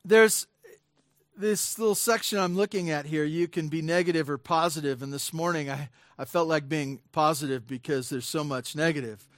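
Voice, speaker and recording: A man's voice: fairly high pitch, steady tone, normal speed, dry recording. Man preaching in a dry room. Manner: conversational preaching with frequent fillers and restarts; rises to emphatic bursts on key points. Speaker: pastor. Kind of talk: sermon.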